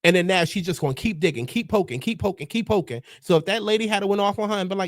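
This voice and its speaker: A man's voice: high-pitched, fast, few pauses, dry recording, clean studio sound. Sassy, profane male commentator. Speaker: host. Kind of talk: pop culture commentary.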